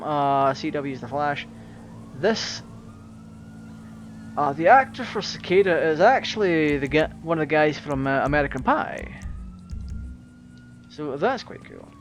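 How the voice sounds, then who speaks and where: Excitable man narrating gameplay. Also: fairly high pitch. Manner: chatty, jokey, excitable reactions. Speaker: gaming YouTuber. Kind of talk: casual gameplay commentary.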